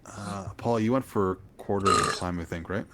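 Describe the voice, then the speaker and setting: A man's voice: on the low side, moderate pace, heavy background noise. A man co-hosting a podcast, explaining things casually in a rambling way with many filler words. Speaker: podcast co-host. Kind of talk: casual chat.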